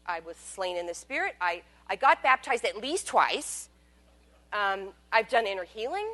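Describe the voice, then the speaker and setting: A woman telling a personal story as a monologue, wry and candid, swinging between loud bursts and hushed asides. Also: mid-range voice, very animated, measured pace.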